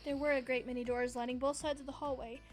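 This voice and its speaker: A woman narrating a game aloud on a stream in a steady, expressive reading. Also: high voice, fast, soft background music.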